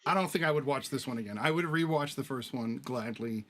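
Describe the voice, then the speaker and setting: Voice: mid-range voice, brisk, fairly bright tone. A film review panelist in casual chat, laid-back and joking.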